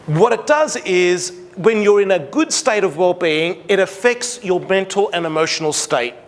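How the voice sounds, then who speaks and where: A middle-aged Australian man giving an animated seminar talk to parents, acting out conversations with his daughter. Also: high voice, normal speed. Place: large school hall. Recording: long hall reverb.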